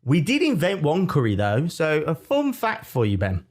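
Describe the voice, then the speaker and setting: A man's voice: on the high side, moderate pace. Jokey man with a Brummie accent. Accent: Birmingham. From Birmingham, England. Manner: animated, jokey storytelling with mock-defiant asides. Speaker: podcast co-host. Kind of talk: casual chat.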